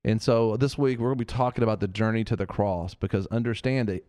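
A man's voice: fairly low pitch, steady tone, quick pace, darkish tone, smooth, no echo, clean studio sound. A man hosting a Christian talk show, preaching earnestly and repeating phrases for emphasis. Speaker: host of a Christian TV and radio show.

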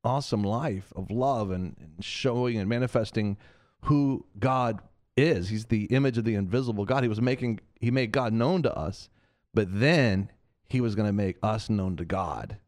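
A man's voice: on the low side, moderate pace, a little mellow, no echo, clean studio sound. A man hosting a Christian talk show, preaching earnestly and repeating phrases for emphasis. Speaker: host of a Christian TV and radio show.

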